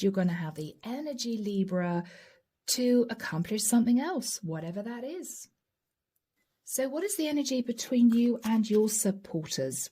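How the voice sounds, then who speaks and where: Mellow-voiced woman giving a tarot reading. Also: medium pitch, breathy edge. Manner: gentle, encouraging, addresses viewers directly; often breaks into light laughs and soft asides. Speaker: tarot reader. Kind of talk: channeled tarot reading to camera.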